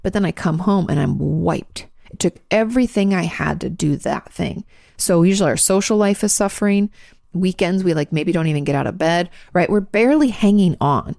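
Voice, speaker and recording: A woman hosting a show, answering listener questions in a fast, chatty, frank advice talk and swearing now and then. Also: on the low side, vocal fry, a little mellow, no echo, studio quality.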